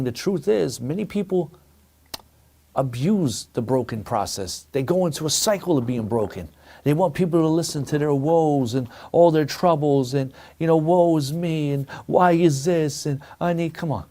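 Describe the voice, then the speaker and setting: A man's voice: on the high side, lively intonation, moderate pace, mellow. A middle-aged man preaching a sermon as a rabbi, telling a story and calling his listeners friends. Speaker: rabbi teaching a weekly Torah lesson.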